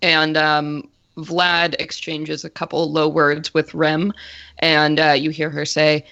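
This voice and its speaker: A woman's voice: low-pitched, monotone, slow pace, vocal fry, fairly bright tone, muffled recording. A woman narrating a tabletop game as game master, telling the scene in a chatty, descriptive way with many fillers.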